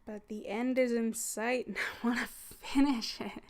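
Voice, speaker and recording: A woman hosting a casual livestream chat as a hypnosis content creator, soft and teasing, often dropping into a whisper. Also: on the high side, steady tone, measured pace.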